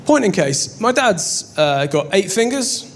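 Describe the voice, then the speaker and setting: A man's voice: sits high, very animated, a little slow, a bit bright, a little hiss or hum. A young English man doing stand-up, telling a story on stage in a wry, self-deprecating way. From England. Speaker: stand-up comedian. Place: on stage before a live audience.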